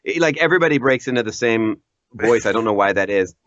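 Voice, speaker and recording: Lively, low-voiced man with animated delivery. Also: fast. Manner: animated, self-deprecating, laughs often. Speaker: voice actor guest. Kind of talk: casual interview chat. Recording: dull lo-fi audio.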